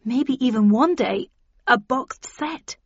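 A woman's voice: mid-range voice, measured pace, breathy edge, no room sound, highs cut off. A woman voicing a firm, coaxing woman agent. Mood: encouraging. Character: brisk, level-headed woman book agent.

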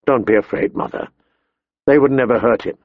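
A man doing a gentle teenage lordling. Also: brisk, no room sound, close to an everyday voice. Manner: low, gentle and soothing. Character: young teenage lordling, earnest and protective. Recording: dull dry recording.

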